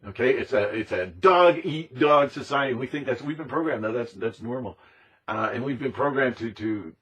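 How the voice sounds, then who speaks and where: A man's voice: mid-range voice, moderate pace, fairly bright tone, husky. A man delivering an impassioned, emphatic monologue, repeating himself and now and then mimicking other people's voices. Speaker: speaker on conspiracy topics.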